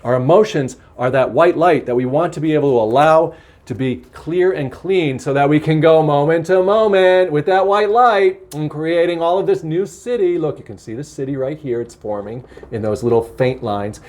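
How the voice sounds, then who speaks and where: A man giving a spiritual card reading to his viewers, earnest, gentle and encouraging, slowing down to stress key words. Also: on the high side. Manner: acts out angry outbursts with a laugh. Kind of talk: solo tarot-style card reading.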